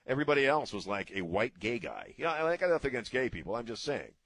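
A man's voice: mid-range voice, very animated, racing, hardly any pauses, fairly bright tone, no echo. A middle-aged man hosting a radio talk show, ranting bluntly in a casual way and cursing freely.

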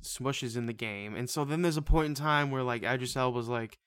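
A man chats casually on a podcast, retelling a film's plot in a rambling, animated way and swearing freely. His voice is smooth and clear. The sound is dry and close, with no room around it. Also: mid-range voice, a little fast, no room sound. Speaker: podcast co-host. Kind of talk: casual movie review chat.

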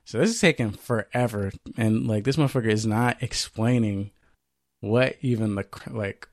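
A man co-hosting a podcast, telling a story in casual chat, animated and profane, acting out what others said. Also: on the low side, moderate pace, no room sound, studio quality. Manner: animated, profane, acts out quoted voices. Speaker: podcast co-host.

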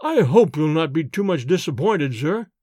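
A man's voice: a little high, sing-song, moderate pace, darkish tone, husky, no echo, studio quality. A man voicing a courteous, formal manservant. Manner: courteous, formal, says sir often. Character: deferential older male manservant, polite and formal. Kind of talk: audiobook character voice.

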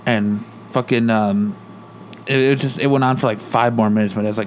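There's a little hiss or hum behind this mid-range male voice, which moves at a moderate pace. The speaker, from Arizona, USA, recounts road-rage incidents in casual chat, vividly acting out quotes and cursing freely.

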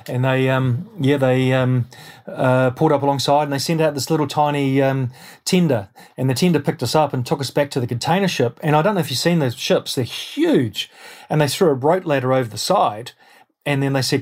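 A man from New Zealand with a New Zealand accent, a guest in an interview, telling his story in an animated, rambling way with many restarts. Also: medium pitch, brisk. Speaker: guest, airline pilot and adventurer.

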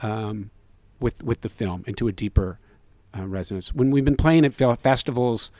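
A man's voice: mid-range voice, moderate pace, dark tone, no echo. A man, a filmmaker guest, speaking earnestly, rambling through many restarts and fillers. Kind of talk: conversational interview answer.

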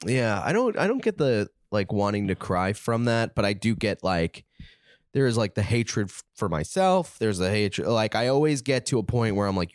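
A man who is a podcast guest, talking in an animated, profane, self-mocking casual chat. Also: on the low side, moderate pace, no echo, studio quality.

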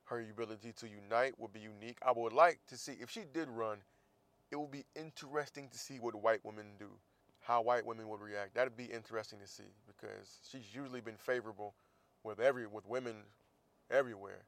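A man's voice: lowish voice, a little fast, fairly bright tone, no room sound. A man hosting a casual opinion monologue, talking in a blunt, profane and heated way, with sarcastic asides. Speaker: podcast host.

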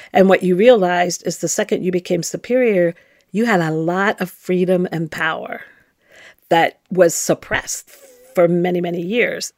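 A woman's voice: fairly low pitch, fairly even intonation, a little slow, darkish tone, no echo, clean studio sound. A middle-aged woman, a former nun, telling her own story in a candid, reflective and emphatic way. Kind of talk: personal storytelling.

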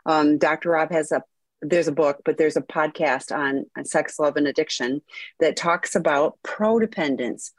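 A woman's voice: deep voice, moderate pace, dry recording. A woman co-hosting an advice podcast, reassuring and speaking from her own recovery. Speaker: podcast co-host.

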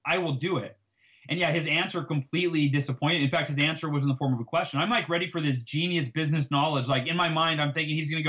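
A man telling a personal story as an interview guest, acting out past conversations with lively emphasis. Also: on the high side, brisk. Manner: animated, reenacts dialogue with emphasis.

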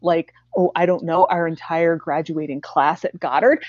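Woman, interviewer, expressive, chatty, frequent restarts, muffled lo-fi audio. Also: low-pitched, normal speed, no room sound. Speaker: interviewer and writer. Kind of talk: casual conversational interview. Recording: dull dry lo-fi recording.

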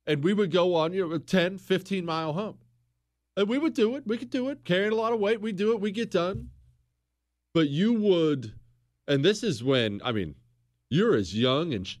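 A middle-aged man hosting a history podcast, telling the story casually and acting out quoted exchanges. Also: on the high side.

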